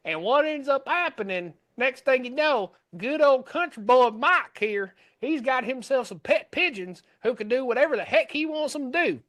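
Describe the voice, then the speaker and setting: Dude doing a cocky southern country boy, fake drawl, high and bright, all folksy and huffy. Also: animated, normal speed, few pauses, no room sound. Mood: indignant, folksy. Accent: put-on American Southern. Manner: folksy, indignant, boastful. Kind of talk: improv comedy sketch.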